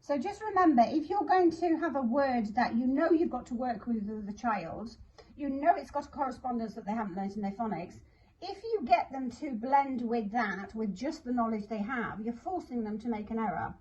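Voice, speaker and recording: A woman's voice: on the high side, lively intonation, normal speed, darkish tone, muffled recording, slight background noise. A woman explaining a spelling routine in a chatty, self-deprecating way, sounding out word parts as she goes. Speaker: literacy teacher. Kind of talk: instructional talk to camera.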